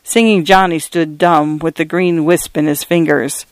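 Male story narrator, earnest and measured, smooth resonant tone, close dry sound. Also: on the high side, fairly even intonation, no room sound, poor audio.

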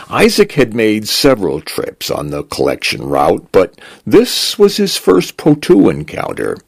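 Male narrator, very low voice, husky, slow and measured, dry close sound. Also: no room sound. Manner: slow, measured storytelling delivery. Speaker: host and volunteer narrator. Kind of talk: scripted story narration.

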